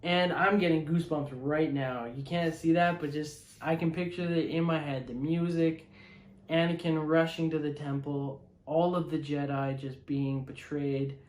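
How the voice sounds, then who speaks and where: Excitable man in an echoey room. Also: fairly high pitch, moderate pace, faint music behind. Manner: excitable, emotional, lots of fillers. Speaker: film reviewer. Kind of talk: casual movie review.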